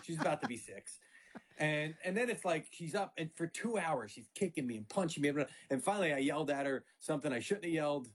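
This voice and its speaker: Animated middle-aged man telling stories. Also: on the high side, fairly quick, a little hiss or hum. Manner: animated storyteller, acts out family quotes. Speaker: sports media guest. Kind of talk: casual podcast chat.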